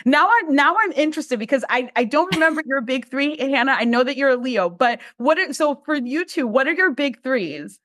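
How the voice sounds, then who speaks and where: A woman guest astrologer chatting on a podcast, bubbly and expressive, laughing often. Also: sits high, normal speed, hardly any pauses, dry recording. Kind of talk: casual podcast chat.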